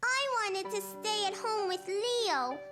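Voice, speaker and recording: A woman's voice: very high-pitched, expressive, slow pace, full character voice. Caillou, a bubbly little boy. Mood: eager. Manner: eager, questioning, childlike. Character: cheerful four-year-old boy. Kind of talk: cartoon voice acting. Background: children's music.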